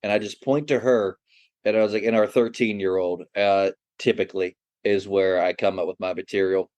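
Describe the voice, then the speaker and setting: A middle-aged man who hosts his own podcast as a comedian, trading jokes in an easygoing, laid-back chat. His voice sits a little low. The recording is dry and close, with no room sound. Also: fairly even intonation, moderate pace, darkish tone, no echo. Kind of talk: casual chat.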